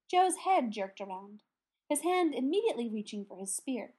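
Husky-voiced woman narrating a story. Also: a little high, animated, normal speed, dark tone. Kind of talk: audiobook narration.

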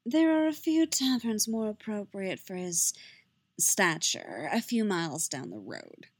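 A woman's voice: mid-range voice, huge pitch swings, measured pace, husky, no room sound, exaggerated voice. A woman voicing a snide, icily polite young male hotel clerk in a fan fiction reading. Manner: prissy, coldly condescending.

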